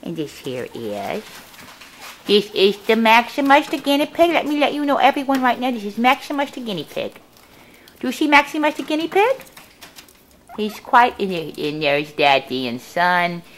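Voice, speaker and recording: A woman's voice: on the high side, very animated, normal speed, a little hiss or hum. A woman showing her guinea pigs in a casual home video at home, talking in cooing baby talk to her pets, filmed on a handheld camera. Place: indoors at home.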